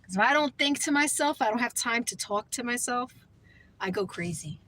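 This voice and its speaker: Woman vlogger, fairly high voice, bright and forceful, rambling casual chat. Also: lively intonation, normal speed, rough recording. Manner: rambling, chatty, heavy on fillers like "you know".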